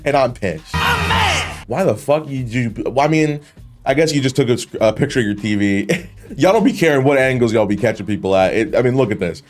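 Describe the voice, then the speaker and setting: A man's voice: medium pitch, lively intonation, a little fast, a little mellow, soft background music. A man giving casual, rambling reaction commentary on wrestling clips, swearing freely and laughing often.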